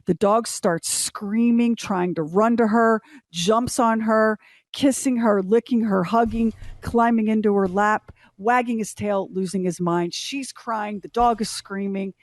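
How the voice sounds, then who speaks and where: A middle-aged woman co-hosts a morning radio show and tells a listener's story with feeling. Her voice sits at a medium pitch and comes across dry and close in the studio. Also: a little slow, no echo. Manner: animated, emotional storyteller. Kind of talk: casual storytelling chat.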